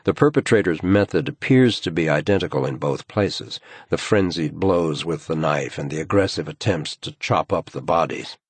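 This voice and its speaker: A man reading a crime thriller audiobook in measured, grave scripted narration. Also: low-pitched, expressive, slightly rough, no echo.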